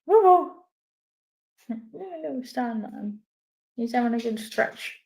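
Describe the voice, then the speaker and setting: Woman pet sitter vlogging, high voice, unhurried playful baby talk to dogs, echoey room. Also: vocal fry. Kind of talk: casual vlog chatter to pets.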